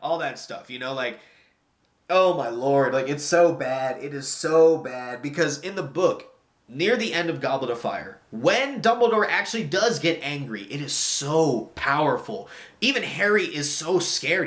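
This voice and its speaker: Animated, lively male movie reviewer. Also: mid-range voice, roomy sound. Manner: animated and exasperated, with mocking impressions. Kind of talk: casual opinion talk.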